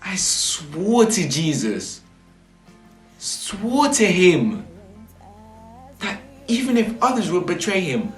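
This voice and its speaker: An actor playing Peter, a frightened, remorseful disciple, in a slow and emotional stage monologue. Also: male voice, sits high, very animated, recorded from a distance, full character voice. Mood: anguished. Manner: slow, emotional, cries out in denials. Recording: echoey room with faint music.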